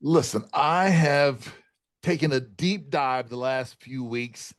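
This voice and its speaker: A man's voice: fairly high pitch, no room sound, studio quality. A man co-hosting a podcast, talking in an enthusiastic, hype-filled manner. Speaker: podcast co-host. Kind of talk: casual chat.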